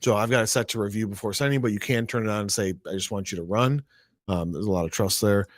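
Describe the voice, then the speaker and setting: Chatty man with a low voice, dry sound. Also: steady tone, fast, no echo. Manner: chatty, thinks aloud, asks rhetorical "right?". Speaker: co-host. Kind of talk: casual tech discussion.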